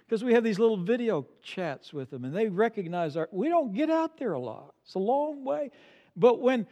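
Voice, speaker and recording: An older man preaching a sermon as pastor, swinging from soft low asides to loud emphatic peaks. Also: long reverb tail. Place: church sanctuary.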